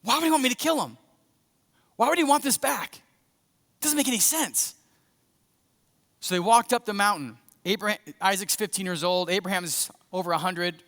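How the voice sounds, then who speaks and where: A man preaching a sermon as a pastor, conversational and animated, acting out scenes as he goes. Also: high-pitched, normal speed, pauses often. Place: church sanctuary. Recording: echoey church hall.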